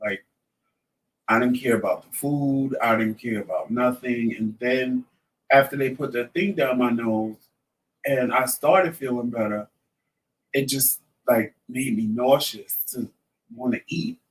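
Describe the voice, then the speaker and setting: A vlog host in his fifties tells a story casually and animatedly, acting out other people's lines as he goes. His medium-pitched voice is unhurried, and the mic sounds distant in the poor audio.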